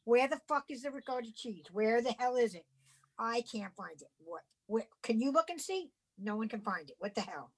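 A woman from the US East Coast, her voice sitting a little high, tells a story in loose, casual chat. She is animated and exasperated, swearing often as she goes. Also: normal speed. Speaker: podcast co-host.

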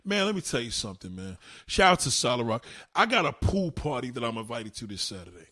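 A man's voice: mid-range voice, big pitch swings, quick pace, bright, forceful tone. A man, likely in his thirties, ranting crudely and emphatically on a casual livestream. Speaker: livestream host. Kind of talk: profane casual rant.

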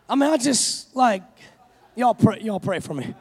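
A pastor preaching a sermon, telling a self-mocking story before building to fervent preaching. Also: male voice, high voice, expressive, unhurried, gravelly, breathy edge, big-room sound.

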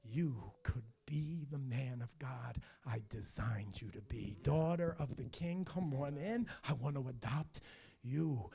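A man preaching a fiery sermon as pastor, swinging from hushed lines to shouted ones. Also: mid-range voice, slow, gravelly, husky.

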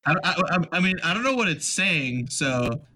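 Male player, bright clear tone, casual rule explanations. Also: fairly high pitch, very animated, moderate pace. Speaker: tabletop game player.

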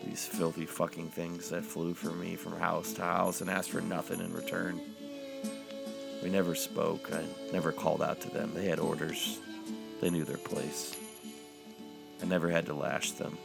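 A man reading a dark comic story in the first person, with a deadpan delivery. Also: sits low, gravelly.

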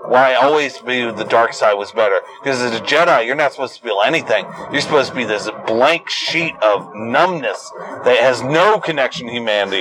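A young adult man hosting his own show, delivering an angry, profane solo rant that bursts into yelling at its peaks. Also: medium pitch, animated, fairly quick, a little hiss or hum, poor audio. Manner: profane, combative and ranting. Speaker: host.

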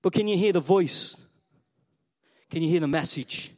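A male pastor preaches with a high voice for a man. He is playful and energetic and keeps talking directly to his congregation. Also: normal speed. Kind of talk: sermon.

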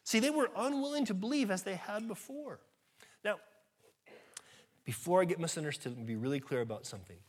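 Male preacher with a high-pitched voice, earnest and conversational, getting loud at times. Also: animated, a little fast, pauses often. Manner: earnest, conversational preaching with sudden rises in volume. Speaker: pastor. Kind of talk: sermon.

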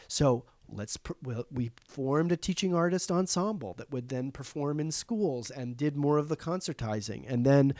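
A man in casual conversation, musing aloud and circling back with "you know" and "like." His voice is warm and dark, recorded dry and close. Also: fairly high pitch, expressive, normal speed, few pauses, no echo. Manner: reflective, thinks aloud with frequent "you know" and "like". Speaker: arts education administrator.

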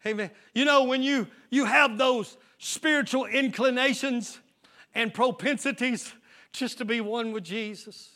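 A man, the lead pastor, preaching a call-and-response sermon in a church, rising into shouts and peppering his lines with amens. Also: very high-pitched, measured pace. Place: church sanctuary.

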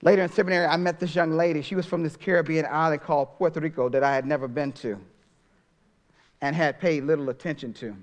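A middle-aged man preaching a sermon as pastor, swinging from soft, drawn-out phrases to loud, emphatic ones. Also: a little high, fairly even intonation.

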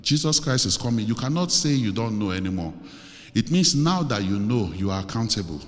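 A man's voice: fairly low pitch, big pitch swings, fairly quick. A man preaching a sermon as a visiting preacher, then leading a prayer in an earnest, pleading way and repeating his phrases. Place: church. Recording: long hall reverb.

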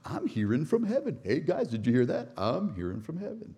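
Peter, a man doing a hushed pushy disciple. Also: fairly high pitch, huge pitch swings, fairly quick, breathy edge, heavily acted. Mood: giddy. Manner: hushed, urgent pleading. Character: anxious, pushy male disciple.

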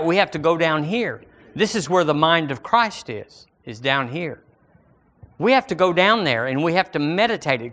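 A man's voice: a little high, a bit bright. A middle-aged man with a Southern US accent, preaching a sermon as pastor in a folksy way and lifting his voice for scripture. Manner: folksy, rising into emphatic scripture reading.

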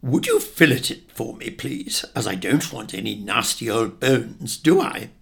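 A fussy, nervous mother, put on by a male storyteller, her pitch lifted and swinging widely. The fretting, exaggerated manner carries over a gravelly undertone. She fusses and second-guesses in a high, animated voice. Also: unhurried, full character voice. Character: fussy nervous mother, middle-aged woman.

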